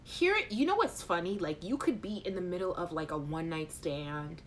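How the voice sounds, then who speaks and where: A woman hosts a live chat stream and reacts to viewer comments with a playful, frank manner. Her voice sits fairly low, and her pitch swings widely as she talks. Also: normal speed, a little hiss or hum. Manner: animated, playful and frank, with laughter. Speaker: host of a live chat show.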